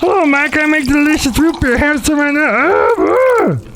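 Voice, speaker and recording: A man voicing an eager, pushy cartoon root beer brewer in a raised, squeaky voice. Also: big pitch swings, a little slow, a bit bright, slight background noise, exaggerated voice. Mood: gleeful. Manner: gleeful, pushy, suddenly menacing.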